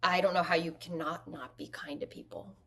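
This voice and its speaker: A woman, an actress and guest, telling stories at home in a lively way and using "like" often. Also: fairly low pitch, a little fast, creaky. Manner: animated storyteller, frequent "like" fillers. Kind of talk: conversational interview.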